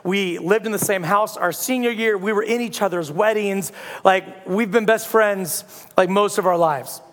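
Man, 30s, pastor; high, joking sermon delivery with shouted outbursts; big reverberant room. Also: normal speed. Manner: storytelling with playful humor and loud bursts. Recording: long hall reverb.

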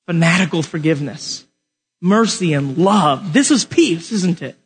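A man's voice: a little high, lively intonation, measured pace, husky. A man preaching a sermon in a casual, joking way, talking straight to his listeners.

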